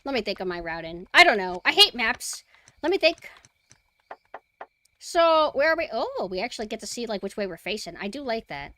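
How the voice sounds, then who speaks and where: A young woman streaming a horror game, chatting casually and excitably as she plays. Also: a little high, normal speed, no room sound. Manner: chatty, excitable, cheering her dog on. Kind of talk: casual gameplay commentary.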